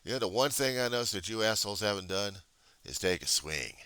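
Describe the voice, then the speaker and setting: Low, gravelly male voice, blunt sarcastic talker, lively pitch, dry close sound. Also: fairly quick, no echo. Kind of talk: casual chat.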